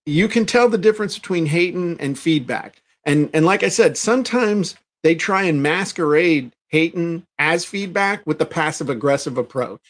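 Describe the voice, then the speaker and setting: A man co-hosting a casual business chat, animated and fond of acting out the people he talks about, often restarting his sentences. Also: on the high side, moderate pace, hardly any pauses. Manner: animated, acts out quoted people; frequent restarts and repeated words. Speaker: podcast co-host.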